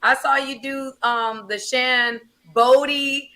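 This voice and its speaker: A young American woman is hosting a casual livestream. Her voice sits a little high and has a bright, forward edge. She talks in a lively, chatty way and calls her viewers y'all. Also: slow. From United States. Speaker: host.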